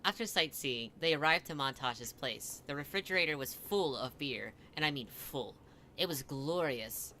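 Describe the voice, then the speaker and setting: A man's voice: on the high side, animated, normal speed, bright, forceful tone, a little hiss or hum. A man reading a comic fan story aloud in a mock-dramatic way, with wry asides.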